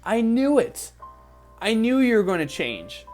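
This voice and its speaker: A man's voice: sits high, sing-song, a little slow, faint music behind, pitched above the performer's own voice. A man voicing a proud, beaming God. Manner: warm, repeated praise.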